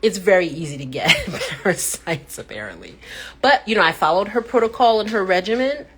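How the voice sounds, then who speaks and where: A woman hosting a casual live chat, telling stories with animated reactions and acting out what people said with sudden pitch jumps. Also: fairly quick, a little hiss or hum. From United States. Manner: animated storyteller who acts out quotes with sudden pitch jumps. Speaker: host.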